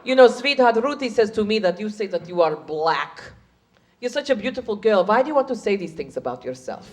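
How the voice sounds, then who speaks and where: A woman voicing a patronizing older Jewish schoolteacher who lectures in a soft, low voice. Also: sing-song, fairly quick, natural voice.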